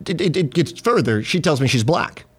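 A man's voice: on the high side, normal speed, breathy edge. A man from North Carolina, a comedian, telling a comic story as a podcast guest and acting out the people in it. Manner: animated, acts out the people in his story.

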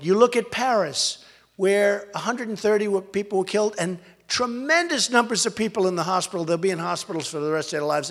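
An older man giving a campaign rally speech in a large school hall, talking in an emphatic, repetitive and rambling way. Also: high voice. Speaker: political candidate.

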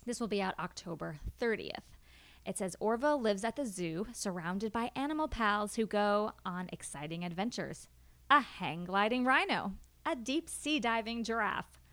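A woman's voice: medium pitch, expressive, normal speed, a bit bright. A woman co-hosting a casual library podcast, chatting and reading picture-book lines aloud with plenty of giggles.

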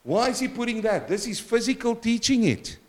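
A man pastor preaching a sermon, animated and questioning his congregation, shifting between loud exclamations and quiet asides. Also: extremely high pitch, a little fast.

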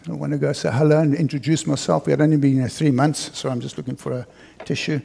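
Gravelly-voiced pastor preaching earnestly. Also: male voice, fairly high pitch, fairly even intonation, quick pace, warm tone. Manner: storytelling, earnest, repeats phrases for emphasis. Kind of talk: sermon. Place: church.

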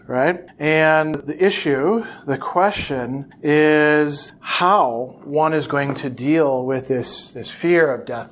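A man's voice: a little high, a little hiss or hum. A man giving a recorded lecture on a novel, explaining it step by step and checking in with "right?". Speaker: lecturer and podcast host.

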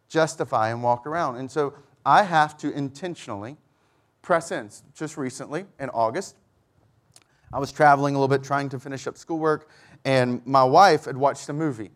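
A man's voice: mid-range voice, normal speed. A middle-aged man preaching a sermon, telling a personal story and acting out both sides of each conversation. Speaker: pastor.

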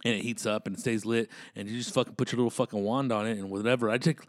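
A man's voice: lowish voice, fairly even intonation, racing, dry recording, clean studio sound. A man hosting a podcast, rambling casually and swearing a lot while laughing at his own jokes. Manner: profane, rambling, laughs often, slips into voices. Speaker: comedian podcast host.

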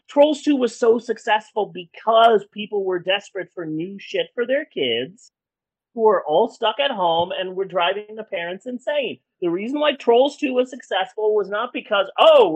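A woman on a casual podcast goes on an angry, profane rant, her pitch leaping up and down all the way. She sounds heated and exasperated. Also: poor audio. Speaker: podcast co-host.

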